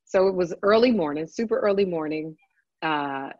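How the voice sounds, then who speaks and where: A woman telling a lively story in casual chat, swearing freely and adding chatty asides. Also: lowish voice, moderate pace, no room sound, lo-fi sound. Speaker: podcast guest, works on a TV set.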